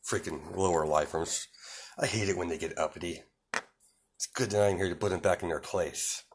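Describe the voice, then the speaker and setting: A scornful young demon hero, put on by a man telling a fan story, speaks low, soft and flat. His voice sits very deep, and every word drips with cool contempt for the people beneath him. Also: normal speed. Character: haughty cold young male demon-powered hero.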